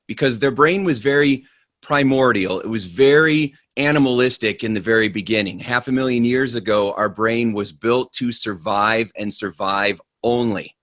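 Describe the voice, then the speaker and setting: Animated man telling a story. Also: medium pitch, no room sound. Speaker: webinar speaker. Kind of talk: storytelling talk.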